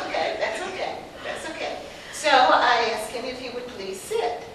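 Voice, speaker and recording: Older Southern woman telling stories in an echoey hall. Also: sits high. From North Carolina. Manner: lively anecdotes, acting out dialogue, frequent laughter. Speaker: panelist, former teacher. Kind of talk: personal storytelling on a panel. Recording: very echoey distant hall recording with background noise.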